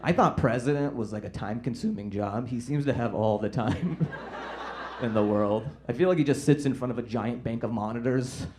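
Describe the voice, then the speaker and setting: A man's voice: mid-range voice, warm tone. Easygoing male observational comic. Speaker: stand-up comedian. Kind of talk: stand-up comedy.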